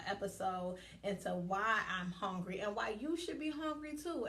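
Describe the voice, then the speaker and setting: An animated woman tells a story on her own podcast and acts out both sides of the talk in a lively, casual way. Her voice sits at a middle pitch, with faint noise in the background. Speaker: podcast host.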